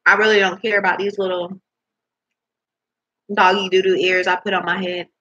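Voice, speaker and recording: Husky young woman chatting while snacking. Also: medium pitch, flat delivery, normal speed, pushed and bright, highs cut off. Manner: chatty, rambling, eating while talking, swearing in disbelief. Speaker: vlogger. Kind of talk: casual chat to camera. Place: at home indoors. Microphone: laptop microphone.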